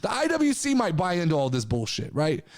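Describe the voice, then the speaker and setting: A man's voice: fairly high pitch, huge pitch swings, a little fast. A man hosting a wrestling podcast, ranting heatedly with profanity and repeated rhetorical questions. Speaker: podcast host. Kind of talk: opinion rant.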